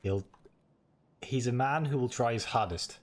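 A man's voice: mid-range voice, a little slow. A man hosting a casual gameplay chat, full of joking, self-mocking banter. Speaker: gaming channel host.

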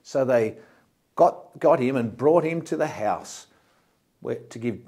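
A man's voice: mid-range voice, expressive, slow, warm tone. A man from Australia, a pastor, preaching a sermon in a plain, explanatory way and often repeating words as he goes.

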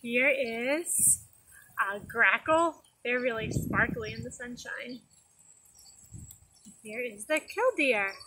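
Woman preschool teacher, high and unhurried, sing-song and exaggerated, noisy home recording. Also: animated. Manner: gentle, sing-song, exaggerated for small children. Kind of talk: video lesson for young children. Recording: noisy background.

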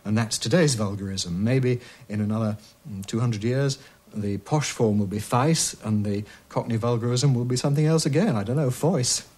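A man, an expert on British accents, explaining speech changes in a measured way while demonstrating vowel sounds. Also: mid-range voice, a little mellow, breathy edge. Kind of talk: explanatory interview talk.

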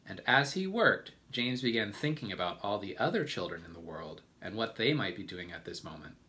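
A man reading a children's storybook aloud as a teacher, gentle and deliberate. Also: on the low side, big pitch swings.

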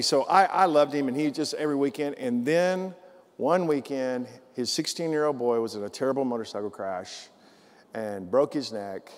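A male pastor telling a story in a sermon, animated and repeating phrases for emphasis. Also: medium pitch. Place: church sanctuary. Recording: long church hall reverb.

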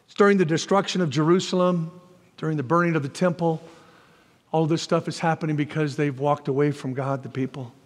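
Man, pastor; high voice, lively preaching, reverberant sanctuary. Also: a little fast. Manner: animated preaching, jumps to shouts when voicing God; folksy asides to the congregation. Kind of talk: sermon.

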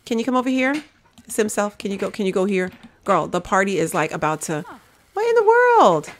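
A woman with an animated, mid-range voice talks briskly over her gameplay, with a slight hiss or hum in the audio. As a gaming video creator she chats with her audience, uses "y'all," and coaxes and scolds her characters as she goes.

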